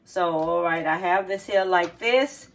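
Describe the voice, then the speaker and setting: Unhurried and on the low side, a middle-aged woman talks through a casual cooking demo in her home kitchen, with slight background noise. She hosts her own channel and keeps things homey, repeating steps and checking "okay?"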